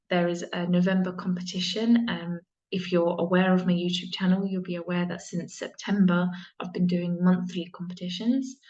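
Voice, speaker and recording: Earnest low-voiced woman mentor, lo-fi. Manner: earnest, repetitive, with false starts and soft breathy emphasis. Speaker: spiritual mentor. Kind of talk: earnest inspirational talk to viewers.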